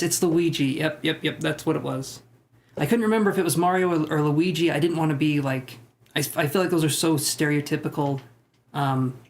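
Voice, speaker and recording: A young man hosts a live stream, reading comments and answering viewers in loose, meandering talk. His voice sits a little high for a man, and he jokes at his own expense. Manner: rambling, self-deprecating, joking with chat. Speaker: tarot livestream host.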